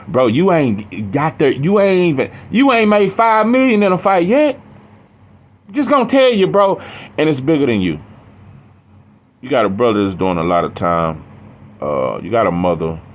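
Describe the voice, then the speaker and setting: A man's voice: mid-range voice, a little hiss or hum. Blunt, profane man lecturing about boxing. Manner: blunt, preachy, profane, repeatedly says "bro". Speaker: boxing commentator. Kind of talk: casual monologue.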